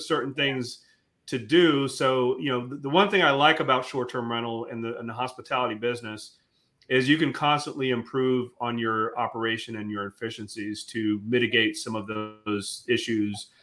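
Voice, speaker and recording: A man hosting an interview, explaining at length in a relaxed way with plenty of fillers. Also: medium pitch. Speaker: host. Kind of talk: casual interview chat.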